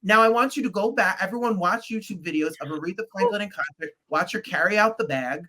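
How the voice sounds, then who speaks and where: A man guesting on a podcast over a video call, telling anecdotes in a dramatic, excitable way. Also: high-pitched, fast.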